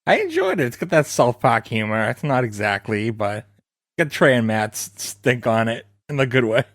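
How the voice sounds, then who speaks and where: A man's voice: mid-range voice, sing-song, normal speed, a bit bright, no echo. A man co-hosting a podcast, giving dry, brief replies in casual chat. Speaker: podcast co-host.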